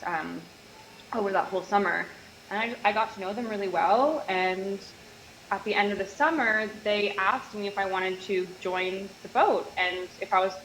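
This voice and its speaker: A woman's voice: mid-range voice, echoey room, slight background noise, poor audio. A woman in her thirties from Nova Scotia with a Canadian accent, chatting as an interview guest and acting out bits of dialogue as she tells her story. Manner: animated storyteller, acts out dialogue, laughs often. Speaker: guest, yacht nutritionist and former stewardess. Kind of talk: casual interview chat.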